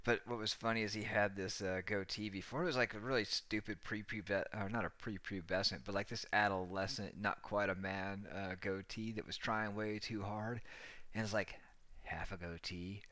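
A man's voice: lowish voice, steady tone, normal speed, bright, forceful tone, dry recording. A young man casually telling a rambling, profane anecdote, laughing often as he goes. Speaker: storyteller.

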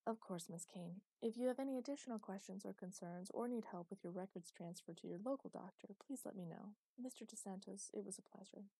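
A woman reading an audiobook, voicing a polite, businesslike woman doctor in a mellow, dry voice. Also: mid-range voice, brisk, few pauses, breathy edge, no echo, rough recording. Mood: courteous. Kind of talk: audiobook character voice.

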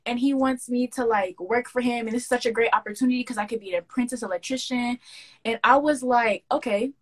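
A young woman with a slightly raised pitch tells a story on a casual podcast. She is animated and slangy and acts out every quoted line. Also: fairly quick. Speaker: podcast co-host.

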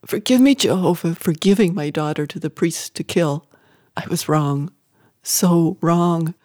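A reader voicing a grieving, desperate mother in a dramatic audiobook, her lines pitched higher and pleading. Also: measured pace, a little mellow, no room sound, studio quality, lightly acted. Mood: sobbing. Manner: raised, pleading, higher than the narration.

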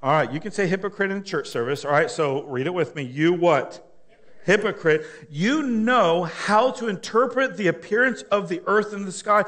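A male pastor with a somewhat high voice delivers a sermon. He reads scripture slowly, stopping so the congregation can supply the next word. Between readings he turns animated and playful, jumping from loud to soft.

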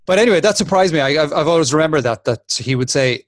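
A man's voice: a little high, animated, racing, dry recording. Rambling Irish man, dry sound. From Republic of Ireland. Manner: rambling, self-correcting, laughs often. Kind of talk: casual chat.

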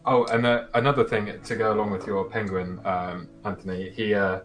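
Male player, lowish voice, halting and filler-heavy, soft music bed. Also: level tone. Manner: hesitant, many fillers and restarts. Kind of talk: casual chat describing his character.

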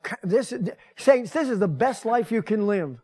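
High-voiced older man preaching. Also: lively intonation, unhurried, darkish tone, breathy edge. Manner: folksy, conversational preaching with rising emphasis. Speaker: pastor. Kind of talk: sermon. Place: church sanctuary.

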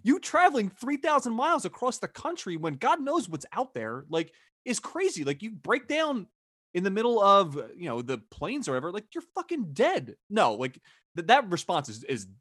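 Male podcast co-host, raspy voice, dry close sound, laid-back and blunt. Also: sits high, wildly swooping pitch, moderate pace, a bit bright, no room sound. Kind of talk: casual TV review chat.

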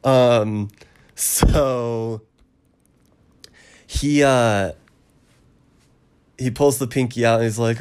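A man in casual chat, retelling a film's plot in a rambling way with many ums and quick acted quotes. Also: mid-range voice, steady tone, a little mellow, clear, resonant tone. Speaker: podcast co-host recapping a film.

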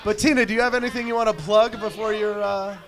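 A man's voice: sits high, steady tone, fast, music in the background, a crowd in the background. A man hosting a rowdy live show, teasing his guests with crude jokes and frequent laughter. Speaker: show host. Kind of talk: bantering live show chat.

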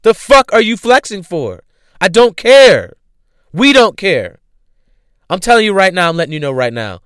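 A man's voice: high-pitched, big pitch swings, moderate pace, clean tone, no echo. A man hosting a podcast, ranting bluntly and profanely about music with repeated rhetorical questions. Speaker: podcast host.

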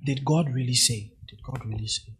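A man's voice: medium pitch, normal speed, a bit bright, husky. A man preaching a sermon as pastor, hammering key phrases through repetition and drawing the congregation in to repeat and answer.

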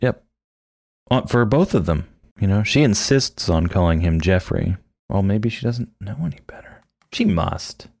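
Male co-host, slow and low, dry close sound, playful line readings. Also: lively intonation, vocal fry, a little mellow, no echo. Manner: acts out movie lines in playful voices. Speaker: podcast co-host. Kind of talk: casual film commentary chat.

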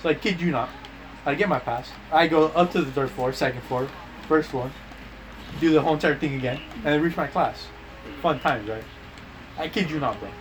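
Among friends, a man rambles through long, profane stories in casual chat, dropping slang like "bro" and "dude" and changing his voice to act out quoted lines. His pitch is fairly high and his pace moderate, broken by long pauses. The rough recording carries a little hiss or hum.

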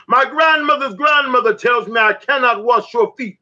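A man voicing a fierce, grieving ancestral mother who demands vengeance, shouting in spoken word verse. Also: extremely high pitch, moderate pace, pitched above the performer's own voice, full character voice. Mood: furious, grieving. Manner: shouted, urgent declamation. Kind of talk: spoken word poetry performance. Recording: dull lo-fi audio.

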